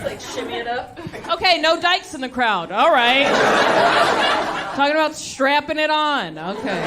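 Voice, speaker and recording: A woman from Texas doing a stand-up comedy set on a club stage into a handheld mic, deadpan and laughing between jokes. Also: high-pitched, very noisy. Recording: live club with loud crowd laughter.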